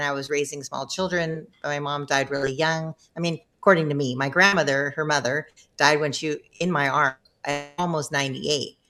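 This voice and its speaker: Middle-aged woman guest, low voice, warm-humored, chatty storyteller who laughs often. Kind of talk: casual storytelling.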